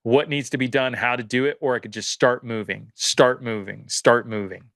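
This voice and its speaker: A man's voice: mid-range voice, fairly even intonation, moderate pace, gravelly, a bit bright, no echo. A man speaking as a podcast guest, earnest and reflective, often circling back and restarting his thoughts. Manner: earnest, searching, lots of fillers and restarts. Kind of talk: casual reflective conversation.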